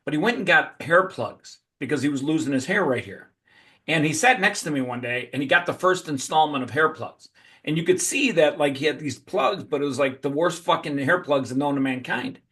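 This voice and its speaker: Blunt, profane man, slightly high voice. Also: a little fast, a bit bright, slightly rough. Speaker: podcast host. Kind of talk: casual conversation.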